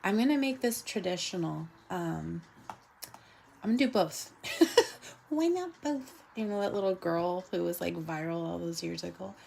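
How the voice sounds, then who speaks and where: A woman artist hosting her show, chatting casually and rambling with lots of fillers and quick laughs as she draws. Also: on the low side, vocal fry, darkish tone, slight background noise. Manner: laughs often. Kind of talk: casual chat while drawing.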